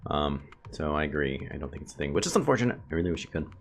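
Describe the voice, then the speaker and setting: A man's voice: rumbling low, very animated, rapid-fire. A man casually commentating a game he plays, chatty and thinking aloud to his viewers. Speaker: gameplay video host. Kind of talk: casual let's play commentary. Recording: game music playing behind.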